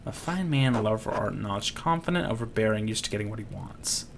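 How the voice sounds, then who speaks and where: A man's voice: on the low side, lively intonation, fast, vocal fry, slight background noise, pitched below the performer's own voice. A man voicing an earnest young artist who talks in a polite, explanatory way.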